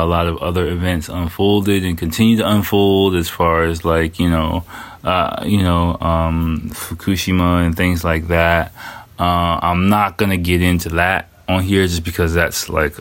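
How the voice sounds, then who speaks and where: A man with a very low, deep voice tells a story in a relaxed, rambling way. He swears freely, leans on fillers, and acts out quick asides as he goes. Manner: loose, profane, full of fillers and quoted asides. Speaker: storyteller recounting personal experience. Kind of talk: casual spoken monologue. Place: living in Japan.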